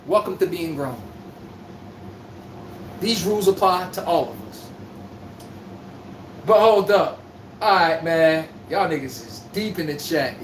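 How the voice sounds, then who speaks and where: A man riffing on basketball to his live-stream chat, trash-talking and swearing with big swings in pitch. He sounds set back from the mic in an echoey room, with faint background noise. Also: recorded from a distance. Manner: animated, profane trash talk to chat. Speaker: sports podcast host. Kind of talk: live-stream sports talk.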